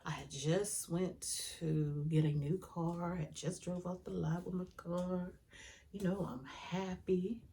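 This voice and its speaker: A woman with a somewhat low voice tells her own story to the camera in a heartfelt, conversational way. She uses colloquial grammar and at times sinks into a hushed whisper. A steady background noise sits under the recording. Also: a little slow, poor audio. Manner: sometimes drops to a hushed whisper. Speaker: vlogger. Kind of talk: personal storytelling.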